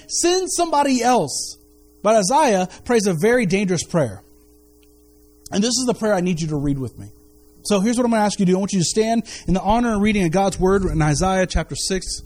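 A man with a high voice preaches a sermon to his church. He reads scripture aloud, leads the room in prayer and often repeats his words for emphasis. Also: animated, a little fast, a little mellow. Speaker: pastor.

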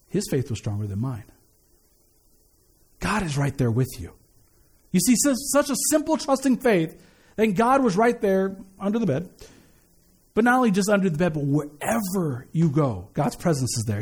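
High-voiced man preaching earnestly. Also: very animated, normal speed, pauses often, a little mellow, slightly rough. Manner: earnest, repeats key phrases for emphasis; frequent stammered restarts. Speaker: pastor. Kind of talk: conversational sermon.

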